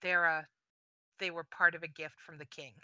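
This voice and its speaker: A woman's voice: sits low, level tone, normal speed, sharp tone, smooth, dry recording, dull audio. A woman voicing a polite male dwarven knight who speaks formally to a lady. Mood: courteous.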